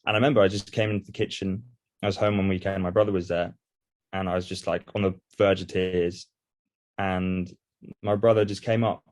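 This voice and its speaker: A man in a podcast conversation, telling a personal story in a soft, reflective, subdued way. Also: low-pitched, steady tone, brisk.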